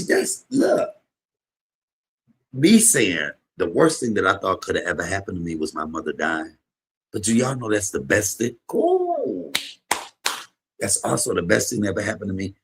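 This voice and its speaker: A man hosting a livestream, giving an emotional, preacher-like testimony to his viewers, shifting from low murmurs to high exclamations. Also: lively intonation, normal speed, creaky, fairly bright tone, husky. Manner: preacherly, call-and-response to viewers. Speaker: livestream host, comedian.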